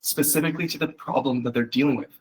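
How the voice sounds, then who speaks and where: Husky-voiced man coaching casually. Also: mid-range voice, fast talker, low-quality recording. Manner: loose and chatty, many fillers, acts out quoted voices. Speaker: copywriting coach. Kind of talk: casual one-on-one copy critique.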